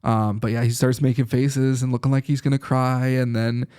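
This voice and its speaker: Chatty man telling lively anecdotes. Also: medium pitch, moderate pace, clear, resonant tone. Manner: lively anecdotal storytelling with frequent laughs. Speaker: chiropractor guest. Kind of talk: casual podcast conversation.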